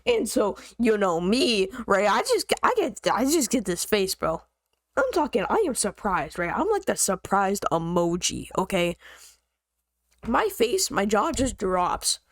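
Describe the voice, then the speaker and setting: Gravelly, animated woman telling a story. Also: mid-range voice, no room sound. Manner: slangy, animated, joking. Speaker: vlogger. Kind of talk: casual storytime.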